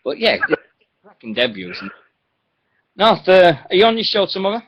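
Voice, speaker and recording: A man's voice: sits high, normal speed. A man hosting a wrestling radio show, rambling and laughing as he tells stories. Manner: chatty, rambling, laughs often, animated storytelling. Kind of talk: casual radio chat. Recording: dull lo-fi internet radio audio.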